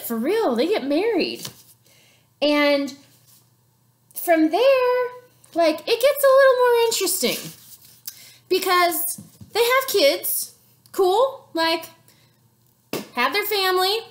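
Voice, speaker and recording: A woman teacher walks her class through history in a playful, chatty way, full of sarcastic asides. Her voice is high, and its pitch rises and falls a great deal. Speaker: sixth grade teacher. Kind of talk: animated history lesson.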